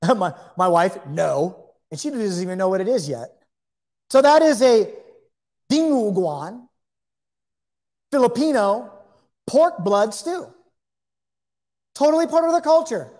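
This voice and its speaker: A man's voice: high voice, expressive, slow, pauses often, a little mellow. A man teaches a Bible lesson to camera indoors. His talk is loose and conversational, full of asides and repeated phrases as he works through his points.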